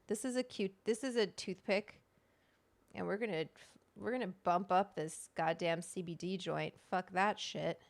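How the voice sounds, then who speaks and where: A woman's voice: lowish voice, steady tone, normal speed, vocal fry, dry recording. A woman hosting a livestream, chatting casually, greeting viewers by name and swearing freely. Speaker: livestream host.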